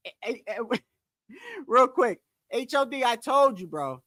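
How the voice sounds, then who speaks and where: This boxing channel host has a very high-pitched, very animated voice, a little slow, pushed and bright, with no echo. He rants in casual commentary, blunt and emphatic, cursing and repeating himself for emphasis. He speaks straight to his viewers and often says "bro".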